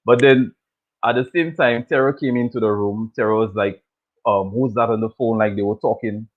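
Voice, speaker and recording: A man's voice: fairly low pitch, moderate pace. A man hosting a casual chat that recaps a TV show, talking loosely, repeating himself and laughing often. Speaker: show host. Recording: tinny phone-like audio.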